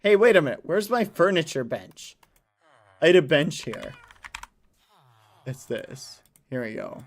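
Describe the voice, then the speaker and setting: A man's voice: fairly high pitch, big pitch swings, measured pace, a little hiss or hum. Man streaming, chatting with viewers. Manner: playful, chatty, talks to chat while typing. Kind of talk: casual live game stream chat.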